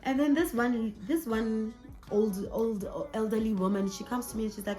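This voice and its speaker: Young woman, South African accent, storytime vlog, animated chatty telling, somewhat high voice, faint music behind. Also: moderate pace. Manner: chatty, animated, mixing in Sesotho phrases. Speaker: vlogger. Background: faint background music.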